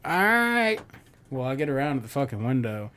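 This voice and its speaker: A man's voice: medium pitch, fast, a little mellow. A man co-hosting a comedy podcast, ranting profanely through a story. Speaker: podcast co-host. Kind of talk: casual comedy podcast chat.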